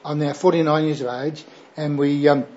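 A man's voice: on the high side, steady tone, moderate pace, warm tone, highs cut off. An older Australian man, a pastor, telling his personal testimony in a chatty, rambling way with frequent fillers and "right?" tags.

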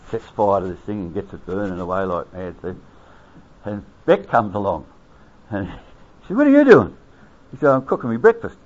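A man's voice: low voice, slight background noise. An older Australian man, an army veteran, telling a rambling anecdote with chuckles, acting out the quoted voices. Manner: chuckling, acts out quoted voices, lots of fillers. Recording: dull lo-fi recording.

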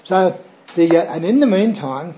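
Older Australian man, mellow voice, lo-fi recording. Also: high voice, animated, moderate pace. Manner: chatty, rambling, frequent fillers and "right?" tags. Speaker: pastor. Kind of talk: personal testimony storytelling.

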